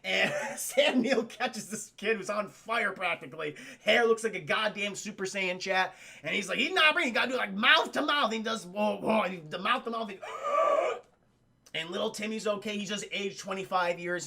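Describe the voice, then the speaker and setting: A man casually recapping a film on a live stream, profane and animated, acting out the characters' lines. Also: high-pitched, normal speed, vocal fry.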